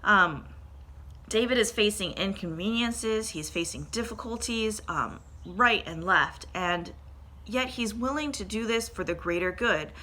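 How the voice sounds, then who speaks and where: A woman's voice: medium pitch, unhurried, bright, forceful tone. A young woman giving an earnest, conversational church devotional, reading scripture and asking rhetorical questions.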